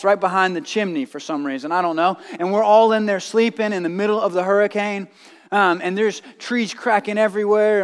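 A man in his thirties from North Carolina preaching a sermon, reading scripture and telling a personal story, dropping his voice to a hush at dramatic moments. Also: sits high, long reverb tail. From North Carolina, USA. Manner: storytelling with dramatic drops to a hushed voice.

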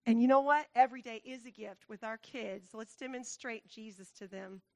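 A woman's voice: a little high, moderate pace, no room sound. A woman giving an earnest talk to a church congregation, laughing often and growing tearful at times. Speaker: church speaker.

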